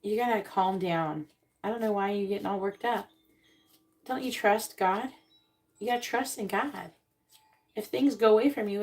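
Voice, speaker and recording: Gravelly-voiced woman reading tarot cards. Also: mid-range voice. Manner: blunt and swearing, acts out quick comic voices. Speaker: tarot reader on a live stream. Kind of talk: casual tarot reading, reading card meanings aloud.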